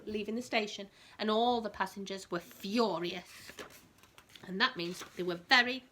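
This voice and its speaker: A woman teacher reading a children's story aloud, expressive and adding gentle asides for young listeners. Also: mid-range voice, normal speed.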